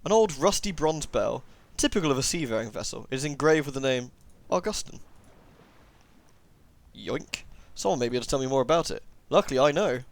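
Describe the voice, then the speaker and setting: A man's voice: medium pitch, expressive, a little fast, gravelly. A young man giving casual, jokey commentary while playing a game, often muttering asides. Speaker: let's play gamer.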